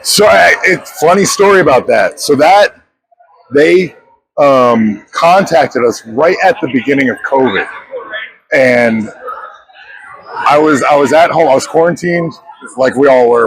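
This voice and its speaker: Man, thirties, actor guest, lively storyteller, acts out quotes, medium pitch, convention interview. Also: gravelly, low-quality recording. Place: pop culture convention.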